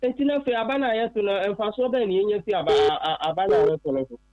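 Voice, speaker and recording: A man's voice: high-pitched, quick pace, no room sound. A man calling into a radio phone-in, asking pointed questions and repeating himself to make a point. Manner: questioning, repetitive. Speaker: caller. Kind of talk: phone-in complaint. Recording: tinny dry phone line.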